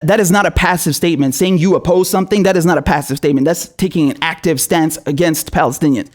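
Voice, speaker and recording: Commentator, male, high voice, furious and sweary, sarcastic rant. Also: quick pace. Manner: furious, profane, sarcastic, repeats himself; mocking mimicry in asides. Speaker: political commentator. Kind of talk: angry political rant to camera.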